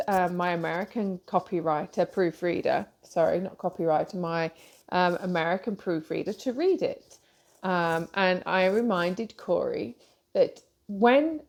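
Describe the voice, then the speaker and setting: A woman's voice: fairly low pitch, a little mellow. A woman publisher hosting a casual live talk, rambling with many fillers and self-corrections.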